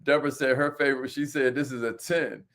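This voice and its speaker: A man hosting a live stream on sales and entrepreneurship, energetic, repeating phrases and calling on viewers by name. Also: mid-range voice, quick pace.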